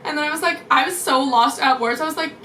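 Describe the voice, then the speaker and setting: Young woman vlogger, storytime, high voice, mic set back in an echoey room. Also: fast talker, bright, forceful tone, a little hiss or hum. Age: young adult. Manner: gushing, rambling with many "like"s. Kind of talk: casual storytime. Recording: roomy echo from far off.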